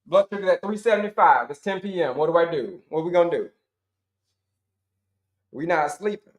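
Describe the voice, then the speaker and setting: Male health coach, middle-aged, lively and repetitive on a live stream, higher-pitched voice, roomy echo. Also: moderate pace. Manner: animated, repetitive, addresses viewers as folks and y'all. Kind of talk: live-stream teaching talk. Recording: roomy echoey sound.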